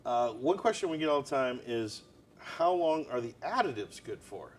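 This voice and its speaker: A man hosting a casual live-stream chat, quizzing his co-host with quick follow-up questions. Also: mid-range voice, big pitch swings. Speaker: show host.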